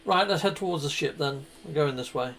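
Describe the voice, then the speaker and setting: A man's voice: fairly high pitch, a little fast, fairly bright tone, soft background music. A man giving chatty, playful live commentary on his gameplay and greeting viewers, with goofy exclamations. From United Kingdom. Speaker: gaming live streamer.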